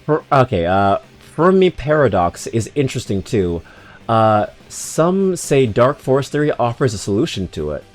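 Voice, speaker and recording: A man's voice: mid-range voice, big pitch swings, moderate pace. A man streaming a game, rambling through casual, slangy commentary with swearing and self-mocking asides.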